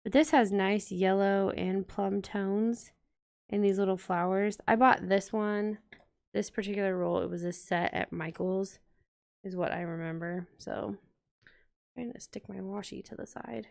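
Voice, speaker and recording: A woman's voice: mid-range voice, fairly even intonation, a little slow, gravelly, darkish tone. A woman vlogger chatting casually to her viewers while decorating a planner, rambling and talking straight to the audience. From United States.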